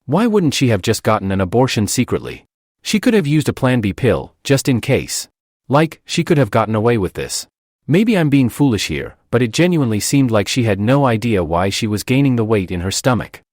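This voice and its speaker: Guy reading an internet story out loud, mid pitch, super lively up and down delivery. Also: a little fast, no echo, clean studio sound. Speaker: story narrator. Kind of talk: scripted narration of a reddit post.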